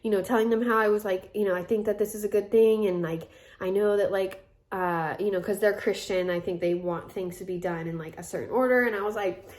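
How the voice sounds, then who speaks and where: A woman's voice: medium pitch, steady tone, a little fast, a little mellow. A woman in her twenties casually telling a personal story, chatty and full of fillers, acting out the lines of the people in it. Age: 20s. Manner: chatty, filler-heavy retelling with many quoted asides. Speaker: vlogger.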